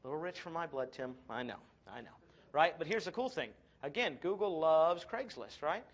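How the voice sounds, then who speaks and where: A man giving a live marketing talk, energetic, sarcastic and self-mocking. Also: on the high side, normal speed. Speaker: seminar presenter.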